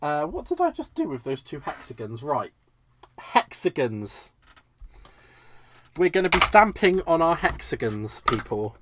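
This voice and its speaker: A man's voice: a little high, big pitch swings, unhurried, fairly bright tone, slight background noise. A man from Britain hosting a live crafting stream, chatting casually and laughing at his own mistakes as he works. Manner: chatty, self-deprecating, laughs often. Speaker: crafting livestream host.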